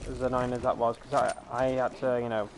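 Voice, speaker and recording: A man's voice: medium pitch, flat delivery, quick pace, heavy background noise. Rambling male gamer on a headset mic. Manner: rambling, lots of fillers and restarts. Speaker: gaming streamer. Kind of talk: casual chat over gameplay. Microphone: gaming headset.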